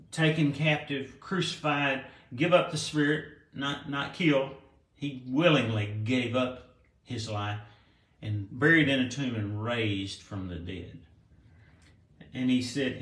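Echoey male pastor preaching. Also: mid-range voice. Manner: conversational, with restarts and soft chuckles. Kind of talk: sermon, reading and explaining scripture. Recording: roomy echo.

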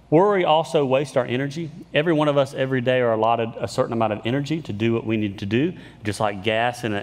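A man preaching a sermon in a conversational, self-deprecating way, in a church sanctuary. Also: medium pitch. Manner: conversational, self-deprecating humor, frequent restarts. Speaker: pastor. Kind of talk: sermon with storytelling. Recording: long hall reverb.

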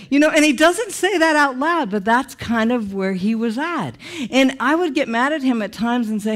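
A middle-aged woman giving a testimony sermon with animated storytelling. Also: a little high, normal speed. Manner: animated storytelling, laughing through the telling. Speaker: speaker sharing her testimony.

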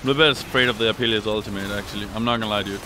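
A young man commentating his own gameplay on a live stream, swearing, trash-talking and yelling when excited. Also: fairly low pitch, very fast, background noise. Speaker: gaming streamer.

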